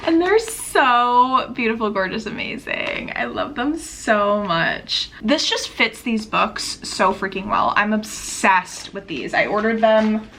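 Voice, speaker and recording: Young woman book vlogger, bright chatty voice a bit high, gushy and bubbly, faint background hiss. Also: lively intonation, slow pace, hardly any pauses. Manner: bubbly, gushing, chatty with frequent "like". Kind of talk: casual reading vlog chat.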